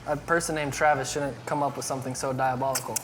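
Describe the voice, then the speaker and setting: A man's voice: mid-range voice, little pitch movement, fast, a little hiss or hum. A man, a youth pastor, chatting casually and teasing his co-host during a spicy food challenge, then telling a story. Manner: teasing, then groaning and laughing through the heat.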